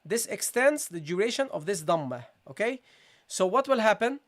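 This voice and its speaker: A man's voice: sits high, very animated. A man teaching Quran recitation in a live online lesson, speaking patiently and repeating points while checking in with viewers. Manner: repetitive, checking in with viewers, slow demonstration of sounds. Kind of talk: live-streamed tajweed lesson.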